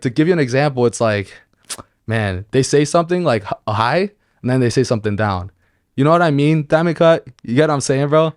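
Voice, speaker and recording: A man from Mexico, a podcast guest in a studio, talking in a relaxed, slangy way and laughing easily. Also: mid-range voice, no room sound. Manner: laid-back, slangy, says bro and like a lot, laughs easily. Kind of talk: casual chat.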